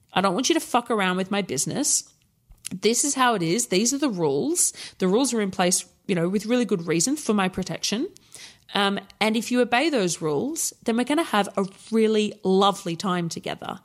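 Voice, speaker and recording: A woman co-hosting a podcast in casual chat, candid and sweary, telling stories with frequent laughs and acting out past conversations. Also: medium pitch. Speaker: podcast co-host.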